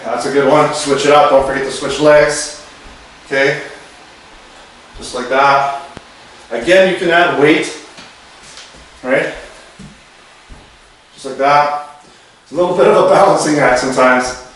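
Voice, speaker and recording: A man's voice: a little high, fairly bright tone, a little hiss or hum. A man over forty demonstrating home exercises, chatty and slightly out of breath as he moves, recorded in an echoey room. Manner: loose and chatty, with restarts. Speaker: fitness instructor. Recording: very echoey, distant camera audio.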